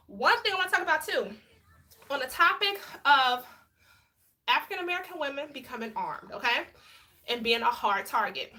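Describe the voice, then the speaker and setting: A high, bright woman's voice talking straight to camera. She is frank and outspoken, and she tells her stories with lots of animation in a casual vlog style. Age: adult with a child. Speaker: vlogger and former police officer.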